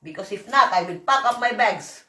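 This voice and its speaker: A hoarse woman vlogger, ranting in a profane, rambling, emphatic way. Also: medium pitch, lively intonation, normal speed, bright, forceful tone, recorded from a distance. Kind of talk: emotional rant to camera. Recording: echoey room, voice off-mic.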